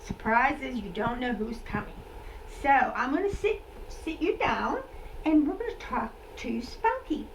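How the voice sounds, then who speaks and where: An older woman hosting a children's storytime show, talking to puppets in a gushing, animated way. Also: sits high, measured pace, reverberant, slight background noise, poor audio. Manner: gushing, sing-song and animated. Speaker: storytelling host.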